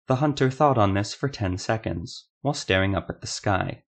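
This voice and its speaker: A man with a low voice narrating a fantasy story. His delivery is steady and measured, with scripted, even storytelling. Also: gravelly.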